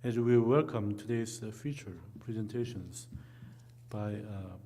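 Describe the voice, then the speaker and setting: A low, mellow-voiced man opens a conference session with formal welcome remarks. He hesitates often with fillers. A faint hum sits under the recording. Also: measured pace. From Korea. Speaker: official opening a session.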